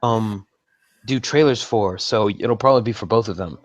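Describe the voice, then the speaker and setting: A man's voice: lowish voice, normal speed. A man co-hosting a casual gaming podcast, joking around in a mock dramatic way. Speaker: podcast co-host. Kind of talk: casual group chat. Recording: muffled lo-fi mic.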